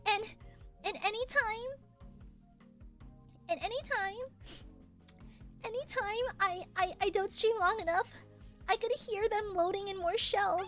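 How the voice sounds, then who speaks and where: A woman streamer in casual livestream chat, reading donations with melodramatic mock suffering and yelling at her chat. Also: very high-pitched, a little slow, long pauses, faint music behind.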